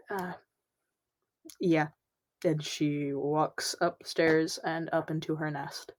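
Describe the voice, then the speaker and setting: Soft, hesitant woman player; lower voice. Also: fairly even intonation, takes it slowly, long pauses. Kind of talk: tabletop role-play.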